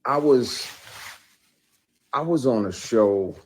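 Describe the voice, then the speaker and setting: A man's voice: mid-range voice, lively intonation, slow, a little mellow. A man, an actor, giving emphatic and blunt testimony in an interview, swearing freely as he talks.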